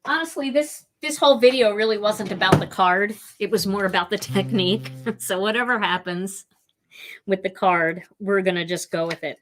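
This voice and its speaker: A woman's voice: mid-range voice, normal speed, fairly bright tone, slight background noise. Gushing, chatty woman demonstrating crafts. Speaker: card-making host.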